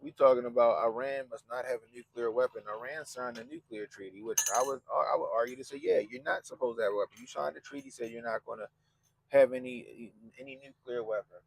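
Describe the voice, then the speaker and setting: Gravelly man, mocking casual commentary. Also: medium pitch, expressive, fairly quick, dry recording, poor audio. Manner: profane, mocking, quotes people in put-on voices. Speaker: podcast host.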